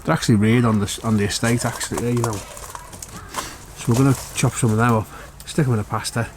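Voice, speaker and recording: A man's voice: mid-range voice, steady tone, fairly quick, background noise. A man vlogging from a camper van, chatting casually and joking about himself in a dry way. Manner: dry, self-mocking jokes. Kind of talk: casual chat.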